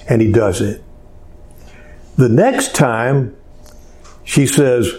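A man preaching a sermon in a slow, conversational way, pausing often with fillers. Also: mid-range voice, darkish tone. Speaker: pastor.

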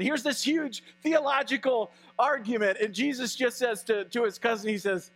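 A male pastor preaching a sermon in an animated, conversational way. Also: very high voice, normal speed, soft background music.

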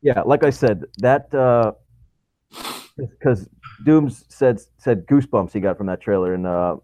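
A man's voice: on the low side, unhurried, highs cut off. A man co-hosting a podcast in casual chat, talking with opinion and laughing often. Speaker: podcast co-host.

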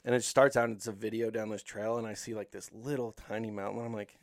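A man's voice: lowish voice, flat delivery, fast, vocal fry, no echo. Profane storytelling man, dry sound. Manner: profane, rambling storytelling with lots of "like". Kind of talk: casual chat.

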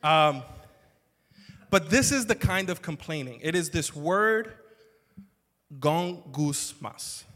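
Animated pastor preaching in a reverberant hall. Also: male voice, a little high, measured pace, pauses often. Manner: conversational, joking, swings to loud emphatic bursts. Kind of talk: sermon.

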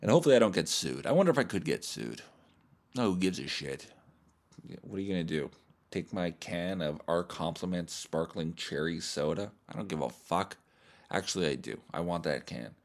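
A man hosting a podcast, rambling through a crude, profane comedic monologue in a deadpan, mock-serious way. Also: low-pitched, normal speed. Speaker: podcast host.

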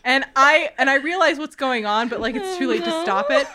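A young woman telling a story in casual chat, animated and laughing often. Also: sits high, brisk, crowd noise.

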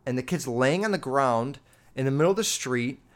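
A man spinning a casual storytime monologue, cursing freely and leaning on "like" at every turn. He rambles and talks straight to his listeners in a mid-pitched voice, animated and loose. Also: normal speed. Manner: profane, rambling, filler-heavy with constant "like"; animated, addresses listeners directly.

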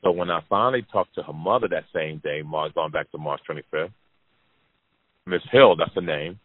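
A man hosting a podcast, telling a long personal story to his audience in a lively, profane way, repeating lines for emphasis. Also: sits low, moderate pace, dry recording. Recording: dry, phone-like narrow sound.

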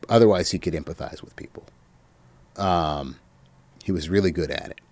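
A man telling stories as an interview guest, reflective and halting, with many pauses and fillers. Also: low voice, a little mellow, no room sound. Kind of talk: reminiscing anecdotes.

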